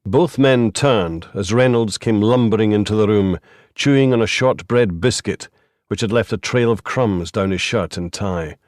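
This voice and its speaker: Steady male audiobook narrator. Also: on the low side, moderate pace, dry recording, studio quality. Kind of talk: scripted narration.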